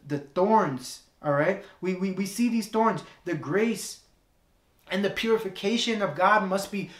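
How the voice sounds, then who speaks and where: Earnest young man preaching in an echoey room. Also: high voice. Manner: earnest storytelling with repeated phrases. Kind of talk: sermon with personal story.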